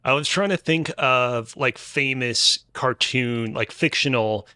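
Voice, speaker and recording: A man's voice: medium pitch, slow pace, pushed and bright, smooth, no room sound, studio quality. A man co-hosting a gaming podcast, hesitant and searching for words. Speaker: podcast co-host. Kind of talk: casual podcast chat.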